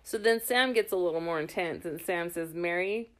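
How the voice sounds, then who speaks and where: A woman's voice: lowish voice, fairly quick. A woman hosting a podcast, chatting casually and reading messages aloud with awkward laughs. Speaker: podcast host. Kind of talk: casual chat recapping a show.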